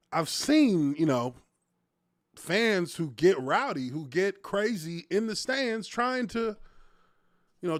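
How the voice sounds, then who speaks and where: A man's voice: high-pitched, no room sound, studio quality. A man in his thirties, a former offensive lineman, hosting a casual live stream and telling stories with a lot of profanity and laughter.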